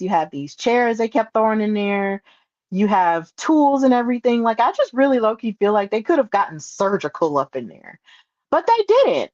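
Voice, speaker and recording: A woman hosting a solo podcast, retelling events in an excitable, animated way with playful asides. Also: medium pitch, no echo, lo-fi sound. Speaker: podcast host.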